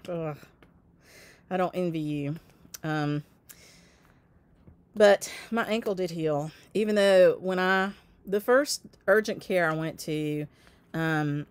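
A woman in her fifties telling a long personal story in casual chat with her viewers, laughing often and answering their comments by name. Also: deep voice. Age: 50s. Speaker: host of a stitching channel.

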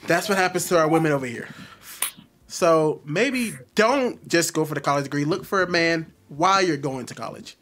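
A man's voice: on the high side, lively intonation, moderate pace, a bit bright, slight background noise. An American man hosting a casual video chat, teasing and provoking with jokes. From United States.

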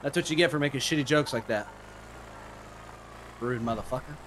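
A man's voice: medium pitch, a little fast, background noise. A man playing a police partner in an online role-play game, swearing animatedly and switching into Spanish phrases.

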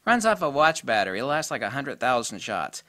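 A middle-aged man giving a casual spoken camera review, blunt and excitable, with mild swearing. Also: medium pitch, fairly quick, no room sound.

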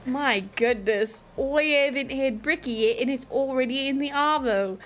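A woman's voice: high-pitched, moderate pace, lightly acted. A woman streamer putting on a hammy, slang-heavy Australian accent. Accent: put-on Australian. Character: playful put-on Aussie woman, hamming it up.

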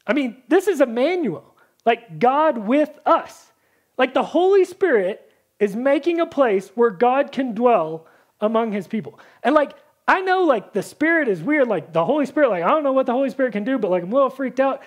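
High-voiced, chatty woman preacher. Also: sing-song, normal speed. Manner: chatty, full of "like", acts out Bible characters. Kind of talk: casual sermon.

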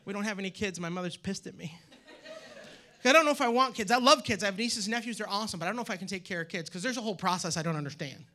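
A man from Maine performing a loud, animated stand-up set on a theater stage. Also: high voice, rapid-fire. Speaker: stand-up comedian. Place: theater stage with live audience.

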